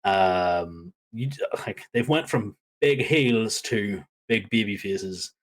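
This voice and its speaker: A man co-hosting a wrestling podcast, talking casually in an animated, rambling way with many fillers. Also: fairly low pitch, takes it slowly. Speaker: podcast co-host.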